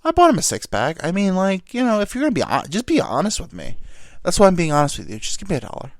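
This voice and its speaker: A man's voice: high-pitched, wildly swooping pitch, fast, dry recording, clean studio sound. A young man hosting a podcast, telling stories in a rambling comedic monologue with stammered restarts and casual swearing. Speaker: podcast host.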